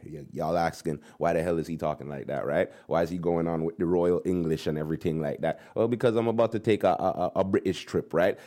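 A man hosting a radio show in casual, slangy chat full of shout-outs. He repeats phrases and slips into Caribbean-style patois. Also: lowish voice. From Montreal. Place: radio studio.

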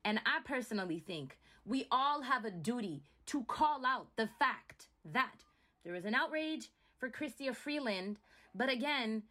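Speaking in an unhurried way, a woman with a bright, forceful voice on the high side and lively intonation shares emphatic opinions as a vlogger. She's from Montreal, Canada, and repeatedly asks her audience "right?"

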